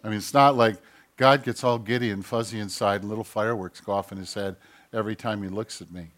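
A male pastor giving a sermon, reading scripture aloud with loud emphatic peaks and quiet asides, often clearing his throat and correcting himself. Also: lowish voice, steady tone, quick pace.

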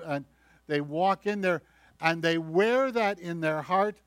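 A man's voice: fairly high pitch, takes it slowly, no echo. Man preaching a conversational sermon. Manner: conversational, animated storytelling preacher who acts out voices. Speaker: pastor.

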